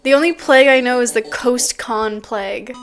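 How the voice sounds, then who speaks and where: A woman's voice: on the high side, normal speed, faint music behind. A woman streamer chatting casually with her chat, giggling often and talking loosely with plenty of fillers. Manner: giggly, laughs often between sentences.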